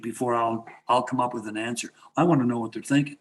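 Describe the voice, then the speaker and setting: A man in his sixties from Canada speaks as a martial arts guest on a talk show. He rambles through stories with many fillers and restarts, at an ordinary pitch for a man. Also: steady tone, fast. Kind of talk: casual interview chat.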